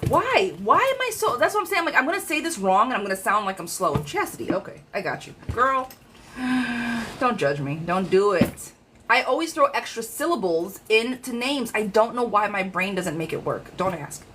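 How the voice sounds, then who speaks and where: A woman giving a live-streamed tarot reading in a chatty, frank, lively way, talking straight to her viewers. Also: mid-range voice, normal speed, noisy background. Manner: chatty, animated, frank, calls viewers girlfriend. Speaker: tarot reader.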